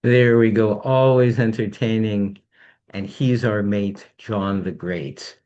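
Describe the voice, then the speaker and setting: A man's voice: lowish voice, fairly even intonation, slow pace, a little mellow. A man hosting a magic show, introducing acts with grand rhyming announcements. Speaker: show host. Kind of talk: showman introductions. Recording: dull lo-fi sound.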